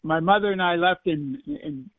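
A man's voice: sits high, normal speed, dry recording. An older man with a Californian American accent, born in Ireland, giving a rambling, hesitant phone interview with chuckles. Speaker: musician guest. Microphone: phone line. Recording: dry tinny phone line.

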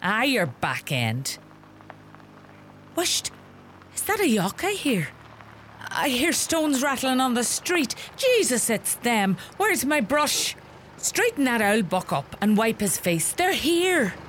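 A woman acting out a bossy, sharp-tongued Irish farm mother in middle age, scolding and fussing in a lilting, lively voice. Her Irish accent is thick. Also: a little high, slow pace, pauses often, slight background noise, full character voice. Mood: flustered. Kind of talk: comedy sketch acting.

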